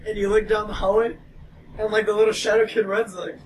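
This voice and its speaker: A young man with a high voice tells a crude story in a laughing, excitable way. He sits a bit back from the mic, and a loud steady noise fills the background. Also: fairly quick, recorded from a distance. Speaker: podcast co-host. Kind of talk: casual chat.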